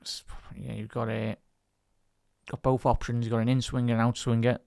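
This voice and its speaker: A man's voice: mid-range voice, flat delivery, moderate pace, creaky, a little mellow, no echo, studio quality. A man doing live football commentary on a stream, chatting with his viewers between bursts of play-by-play that lift on attacks. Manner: rises and speeds up on attacking moves. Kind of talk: casual live match commentary.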